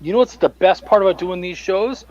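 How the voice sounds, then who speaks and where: A man's voice: high voice, a little fast, darkish tone, muffled recording. A man chatting on an online panel, candid and laughing, swearing freely. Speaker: comic creator panelist. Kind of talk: casual panel chat.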